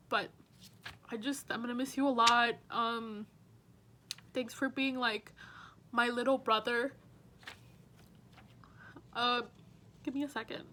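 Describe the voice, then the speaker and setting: A woman's voice: a little high, normal speed, pushed and bright. A young woman working as a teaching assistant gives a heartfelt farewell message to her students, rambling earnestly with many fillers.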